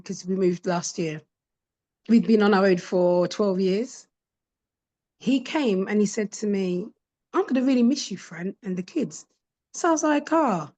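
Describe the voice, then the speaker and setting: A woman with a warm, mid-range voice is a guest on a podcast, telling stories in a casual chat and imitating the voices of the people she quotes. It's a relaxed storytelling interview, and the audio sounds dull.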